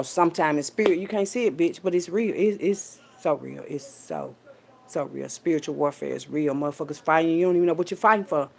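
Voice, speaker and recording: A woman, telling a story in a casual rant full of profanity and swinging between loud, high bursts and low, quiet asides. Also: gravelly. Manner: animated, profane, streetwise storytelling with big pitch jumps when quoting people. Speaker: vlogger.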